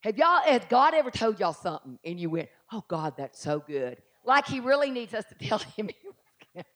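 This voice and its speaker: High-voiced woman preacher. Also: brisk. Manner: lively, swings from hushed asides to shouted declarations; acts out doubting voices in a low mutter. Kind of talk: live sermon.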